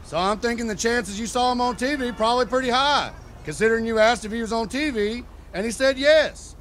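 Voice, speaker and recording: A man's voice: extremely high pitch, fairly quick, fairly bright tone, a little hiss or hum. A man in a game role-play, telling a joking, profane story in a casual, chatty way.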